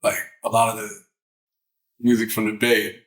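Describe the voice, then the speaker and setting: A man's voice: lowish voice, monotone, normal speed, a bit bright. A man hosting a podcast, chatting casually and swearing freely. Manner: laid-back, swears freely. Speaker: podcast host. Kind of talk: casual conversation. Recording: echoey room sound.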